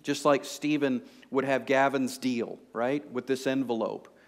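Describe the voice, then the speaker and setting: A man's voice: mid-range voice, fairly even intonation, a little slow. A man preaching a sermon to a congregation, conversational and joking, with frequent fillers like "you know". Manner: conversational, humorous, lots of fillers. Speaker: pastor. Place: church sanctuary before a congregation.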